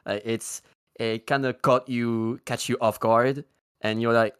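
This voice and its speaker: A man's voice: mid-range voice, little pitch movement, measured pace, a bit bright, clear, resonant tone, dry recording, clean studio sound. A man from Europe chatting casually on a podcast, hesitant, with many fillers and restarts. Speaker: podcast co-host. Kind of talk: casual chat.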